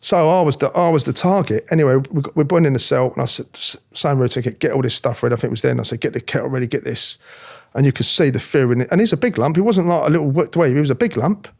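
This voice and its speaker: A middle-aged man telling his story in an interview, animated, acting out other people's voices, often restarting his sentences. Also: mid-range voice, quick pace, vocal fry. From England. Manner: animated, acts out quoted voices, frequent restarts. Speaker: interviewee, former police officer.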